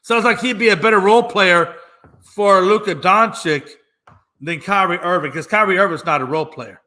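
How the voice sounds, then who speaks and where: Running a sports talk show by himself, a man delivers a mocking, emphatic rant and repeats lines for effect. He speaks at a moderate pace in a high-pitched, sharp voice.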